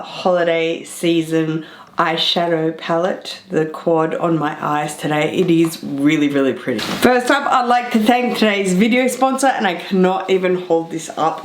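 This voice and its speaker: A woman hosts an unboxing vlog, gushing with breathless delight over each item. She speaks at an unhurried pace, her voice bouncing around an echoey room with a faint hiss behind it. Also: medium pitch. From Australia. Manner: gushing, excitable exclamations. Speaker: beauty and luxury vlogger.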